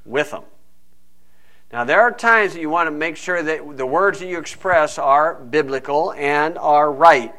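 A man's voice: a little high, a little slow, pushed and bright. A man preaching a folksy, conversational sermon full of asides. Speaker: pastor.

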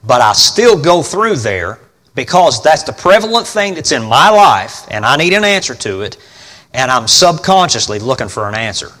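A male pastor preaches in a folksy, emphatic voice and keeps putting questions to his congregation. His delivery swings from loud to quiet, and his voice sits at an ordinary middle pitch. A long reverb trails after him across a large hall. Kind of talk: sermon.

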